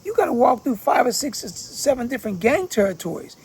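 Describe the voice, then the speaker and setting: High-voiced blunt man from Philadelphia. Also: big pitch swings, a little fast, darkish tone, slightly rough. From Philadelphia, USA. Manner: blunt, profane street-talk storytelling. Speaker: channel host giving commentary. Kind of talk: casual spoken commentary.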